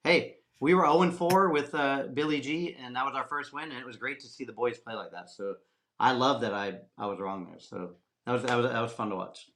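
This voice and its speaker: A man co-hosting a sports podcast in casual banter, easygoing and quick to laugh as he runs through betting picks. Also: mid-range voice, a bit bright. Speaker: podcast co-host tracking picks.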